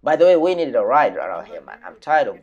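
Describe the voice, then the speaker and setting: A man on his gaming channel, narrating gameplay over footage in a hyped, rambling way with lots of fillers, his voice a bit hoarse from shouting in his bedroom. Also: on the high side, very animated, fast talker, dull audio. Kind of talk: excited gameplay commentary voice-over. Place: home bedroom.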